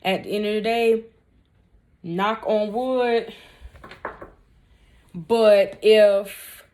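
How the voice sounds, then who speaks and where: A woman's voice: mid-range voice, fairly even intonation, drawn-out words, darkish tone. A young woman in her twenties talks straight to her viewers in a casual storytime Q&A, candid and blunt. She leans hard on her points and drops joking asides between viewer questions. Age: 20s. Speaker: vlogger answering viewer questions.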